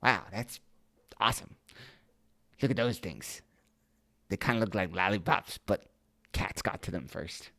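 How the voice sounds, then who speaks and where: A woman's voice: very deep voice, a little slow, creaky, long pauses, fairly bright tone. A woman reading a children's story aloud, often stopping for playful, joking asides and correcting her own stumbles over the made-up words. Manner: playful, self-interrupting, swears then apologizes.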